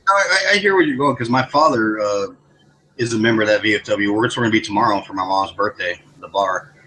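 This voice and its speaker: A man's voice: lowish voice, fairly quick, pushed and bright, poor audio. A man in casual chat, talking hesitantly and often repeating words as he starts.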